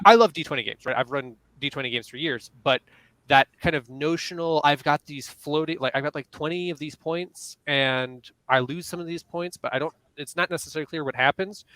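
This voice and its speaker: A man's voice: mid-range voice, sharp tone, no room sound, poor audio. A man moderating a casual panel as a game master, explaining rules while thinking aloud.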